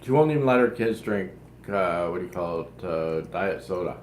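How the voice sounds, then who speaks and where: A man with a lowish voice chatting casually beside the host, chiming in and searching for his words. The room is echoey, with a faint hum of ambient noise behind him. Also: lively intonation, moderate pace. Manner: adds short remarks, searches for words. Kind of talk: casual chat.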